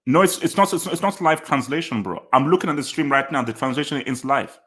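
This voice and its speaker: A man whose voice is a little high, fairly bright and lively in intonation talks fairly quickly while hosting a football channel's casual live reaction commentary. He repeats short phrases, thinks aloud and restarts sentences.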